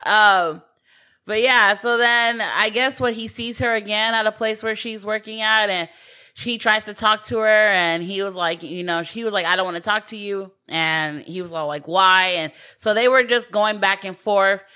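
A woman's voice: mid-range voice, normal speed, pushed and bright, smooth. A woman casually retelling a film's plot in a rambling way, full of fillers and quoted lines. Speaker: co-host recapping a film. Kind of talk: casual chat.

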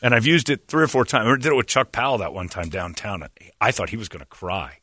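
A man's voice: lowish voice, quick pace, pushed and bright, breathy edge. A man hosting a casual radio talk show, blunt and opinionated, laughing often. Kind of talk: casual banter on air.

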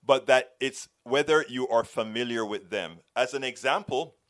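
A man's voice: medium pitch, moderate pace, fairly bright tone. A middle-aged man from Panama with a Panamanian accent, hosting a political show and reading viewer comments in a rambling, stumbling way. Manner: rambling, restarts and stumbles often. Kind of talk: live-stream chat reading viewer comments.

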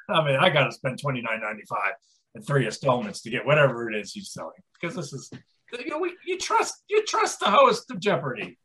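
A man's voice: mid-range voice, wildly swooping pitch, fairly quick, bright, forceful tone, slightly rough, rough recording. A man in his forties, co-hosting a podcast, tells a rambling story and laughs along the way. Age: 40s. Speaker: podcast co-host. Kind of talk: casual podcast chat.

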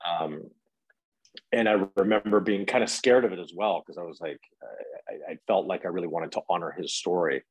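Deep husky man telling stories. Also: normal speed, dry recording, poor audio. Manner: rambling, many fillers and restarts. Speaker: actor, interview guest. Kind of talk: casual interview storytelling.

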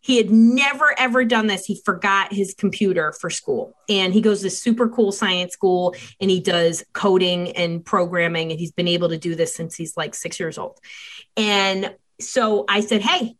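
Woman, 50s, guest expert; animated, chatty storyteller who voices the other people in her anecdotes. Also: mid-range voice, normal speed, low-quality recording. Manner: animated, acts out dialogue in shifting voices. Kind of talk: casual storytelling chat.

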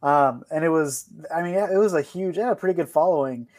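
Fast-talking man on a sports podcast. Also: fairly high pitch, a little mellow. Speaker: podcast co-host. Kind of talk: casual chat.

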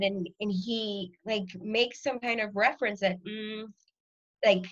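A woman in her thirties, a guest in a casual conversation, telling stories with laughter and lively quoted voices. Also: mid-range voice, measured pace, dull audio.

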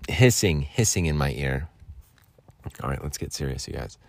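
A man's voice: very deep voice, expressive, normal speed, vocal fry. A young man in his twenties rambling and joking as a podcast host in a vocal booth, swearing now and then. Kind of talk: casual solo podcast chat.

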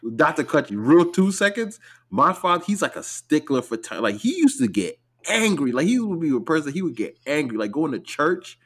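A man co-hosting a podcast in casual chat, reacting quickly and cutting in. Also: on the high side, breathy edge. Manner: animated, quick to react and interrupt. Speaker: podcast co-host.

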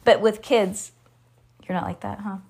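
A woman's voice: mid-range voice, fairly even intonation, a little slow, vocal fry, very noisy. A woman in her thirties, a mother hosting a podcast, chatting with her child and reading a children's book aloud in a giggly, talkative way.

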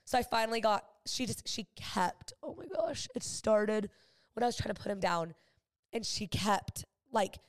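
Chatty young woman telling a story. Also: mid-range voice. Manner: animated, acts out quoted voices, fast rambling. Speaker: podcast co-host. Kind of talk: casual storytelling chat.

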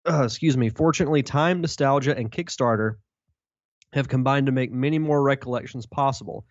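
A man co-hosts a podcast in an easygoing, measured way, moving from chat into reading news. His voice sits in a middle range. The recording is dry and a little dull. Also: medium pitch, no room sound.

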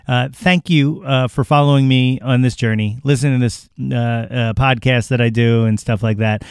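A man's voice: medium pitch, dry recording, clean studio sound. A man hosting his podcast, talking casually and rambling with many filler restarts. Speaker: podcast host.

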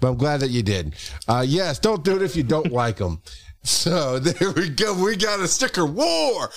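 A man's voice: fairly high pitch, sing-song, normal speed, no room sound, studio quality. A man co-hosting a casual podcast, reading listener comments with playful mock indignation. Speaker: podcast co-host.

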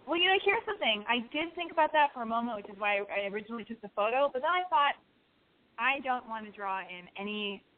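A woman hosting a call-in show, telling a profane story in an animated, ranting way. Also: a little high, quick pace. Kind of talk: call-in radio monologue. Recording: tinny phone-like sound.

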